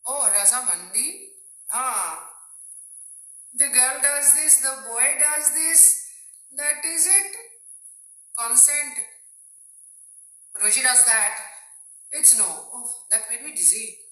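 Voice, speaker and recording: A woman's voice: sits high, slow pace, pauses often, bright, forceful tone, roomy sound, poor audio. A woman hosting a casual live stream, joking with her viewers and laughing at her own jokes. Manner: addresses viewers directly.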